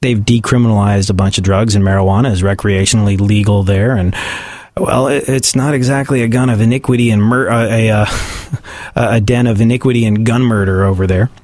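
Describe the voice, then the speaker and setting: A man's voice: on the low side, steady tone, a little fast, darkish tone, no room sound, studio quality. A man giving sarcastic comedic commentary on the news and often laughing at his own points.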